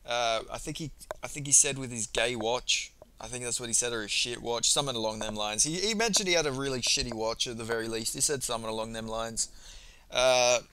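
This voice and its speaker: A man's voice: medium pitch, fast talker, sharp tone, clear, resonant tone, low-quality recording. A man giving a casual, rambling fight recap for his channel, swearing freely and speaking offhand. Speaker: MMA YouTuber.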